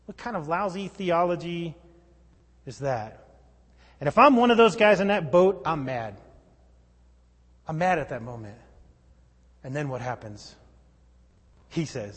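Male pastor, sermon, high voice, wry conversational preaching, long church reverb. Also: expressive, unhurried, pauses often. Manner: conversational, wry preaching with sudden emphatic outbursts. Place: church sanctuary.

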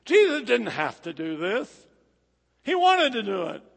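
Brief: male preacher, high voice, dramatic rhythmic sermon, long hall echo. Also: huge pitch swings, a little slow, creaky, breathy edge. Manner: dramatic, rhythmic delivery swinging from loud to hushed. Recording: echoey hall.

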